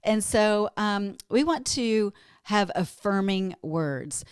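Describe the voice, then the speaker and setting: A woman's voice: medium pitch, lively intonation, slow, clear, resonant tone, no room sound, studio quality. A woman from Minnesota, a wellness guest on a podcast interview, telling stories in an upbeat, motivational way.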